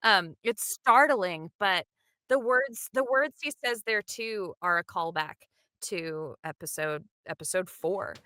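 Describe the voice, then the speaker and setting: Animated dub director, bright voice. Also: female voice, medium pitch, slow pace, dry recording, studio quality. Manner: animated, acts out quotes. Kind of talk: interview, behind-the-scenes talk.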